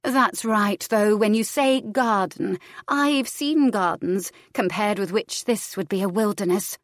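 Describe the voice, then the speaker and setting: A woman voicing a haunted young twin woman who speaks in a raspy, riddling way. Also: mid-range voice, unhurried, no room sound, clean studio sound, pitched above the performer's own voice, natural voice. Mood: portentous. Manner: quotes riddles in a lilting, portentous way.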